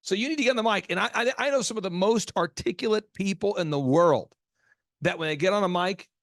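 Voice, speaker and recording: A man hosting a business podcast, telling stories in an animated, emphatic way. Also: sits high, quick pace, dry recording, studio quality. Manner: animated storytelling, emphatic asides. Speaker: podcast host.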